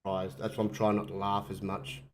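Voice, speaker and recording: A man's voice: fairly low pitch, monotone, a little fast, slight background noise. A man hosting a casual wrestling chat while sick with covid, coughing now and then and rambling through restarts. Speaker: podcast host.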